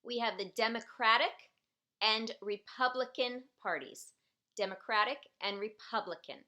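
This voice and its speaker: A woman's voice: fairly high pitch, measured pace, pushed and bright, muffled recording. A woman teaching a citizenship preparation class, patiently repeating each question and sentence so learners can follow. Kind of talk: slow, clearly enunciated teaching.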